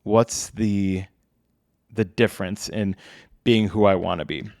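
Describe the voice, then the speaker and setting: A man's voice: on the low side, steady tone, slow pace, a little mellow, no room sound, studio quality. A young adult man hosting a casual solo podcast, chatty and conversational, with frequent fillers. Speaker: podcast host.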